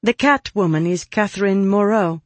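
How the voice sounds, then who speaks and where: A man voicing a prim, learned young woman who speaks in a formal, measured way in a storybook. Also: sits high, no room sound, pitched above the performer's own voice, close to an everyday voice. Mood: composed.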